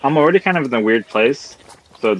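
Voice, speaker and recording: A man's voice: medium pitch, lively intonation, a little fast, slight background noise, poor audio. A man playing a tabletop game who talks in a hesitant, rambling way, full of fillers. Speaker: player. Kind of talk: casual tabletop play.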